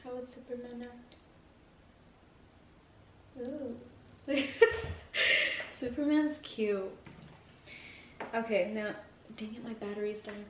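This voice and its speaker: A woman's voice: a little high, level tone, slow pace, pauses often, darkish tone, slight background noise. A young woman vlogging while eating, talking earnestly and rambling with lots of "like". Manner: rambling, heavy use of "like", earnest. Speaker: mukbang vlogger. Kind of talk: casual motivational chat while eating. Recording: echoey room, mic at a distance.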